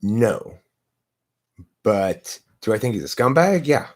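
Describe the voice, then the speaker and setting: A man hosts a live stream into a laptop, engaging in casual philosophical debate by arguing points in a lecturing way and posing rhetorical questions to himself. His lowish voice is very animated, yet he takes it slowly.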